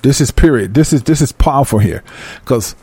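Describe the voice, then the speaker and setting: A man reading scripture aloud and breaking into fervent, emphatic commentary, talking excitedly like a Bible teacher. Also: medium pitch, breathy edge, no room sound. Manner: reads verses then breaks into fervent commentary; emphatic, animated, apologizes for going fast. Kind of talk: excited scripture study talk.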